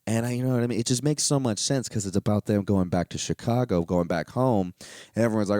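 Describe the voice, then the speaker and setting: Rambling young man, low dry voice. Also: fast, warm tone, clean tone, no room sound. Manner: rambling, candid, profane, full of fillers. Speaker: podcast host. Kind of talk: casual solo podcast monologue.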